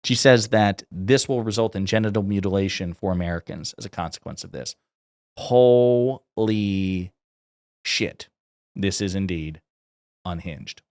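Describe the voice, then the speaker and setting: A man's voice: sits low, animated, moderate pace, no room sound, studio quality. A man giving sarcastic, indignant political commentary as he reads out quotes and reacts to them.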